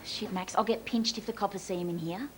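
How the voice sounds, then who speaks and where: Sex: woman. Figure: sharp-tongued barmaid, played by an actress. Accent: Australian. Pitch: medium. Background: clear noise. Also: fairly even intonation, fairly quick, natural voice. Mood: needling. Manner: sharp, needling, blunt. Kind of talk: film drama acting.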